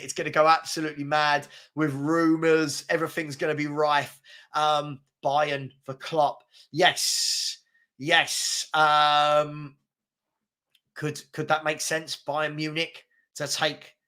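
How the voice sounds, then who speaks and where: A man chats casually on a live stream, reading out viewer comments as he goes. His voice is bright and forceful and sits a bit high for a man. He rambles, uses slang and says the same phrases over and over. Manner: chatty, rambling, repeats himself, slangy. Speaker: football chat show host.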